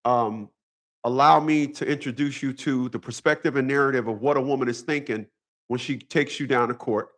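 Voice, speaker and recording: A man's voice: medium pitch, fairly even intonation, moderate pace, a bit bright. A man talking straight to his viewers in a casual monologue, profane and repetitive, with a preachy storytelling manner. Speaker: vlogger.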